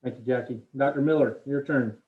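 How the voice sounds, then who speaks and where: A man with a Southern US accent moderating a video call, briskly calling on each person in turn. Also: medium pitch, steady tone. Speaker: meeting moderator. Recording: tinny phone-like call audio.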